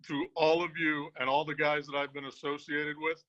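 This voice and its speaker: A man's voice: fairly high pitch, little pitch movement, moderate pace, a bit bright, dull audio. A man who worked behind the scenes for a football team, telling blunt, joking stories in a casual video chat. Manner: joking storyteller, blunt and profane. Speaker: former football staff member.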